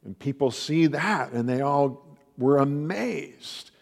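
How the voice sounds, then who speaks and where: A man's voice: takes it slowly, creaky. Man preaching in a reverberant hall. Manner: animated storytelling, raises pitch for quoted voices. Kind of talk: conversational sermon.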